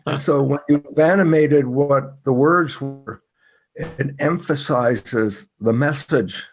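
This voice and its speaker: A man's voice: mid-range voice, slow. An older man, a guest biologist and author, telling stories emphatically with rhetorical questions. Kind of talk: animated storytelling in conversation.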